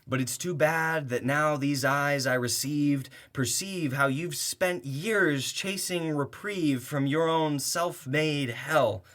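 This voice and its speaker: Slow, rhythmic young male poet. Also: a little high, fairly bright tone, a little hiss or hum. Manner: rhythmic rhyming delivery, sarcastic and heated, with laughs. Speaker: spoken-word poet. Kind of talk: performed spoken-word poetry.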